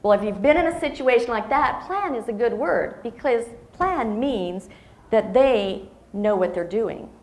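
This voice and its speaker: Expressive woman in her fifties, echoey room. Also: on the high side, a little slow. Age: 50s. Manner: expressive storytelling, acting out dialogue. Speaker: motivational speaker. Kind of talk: personal story speech to an audience.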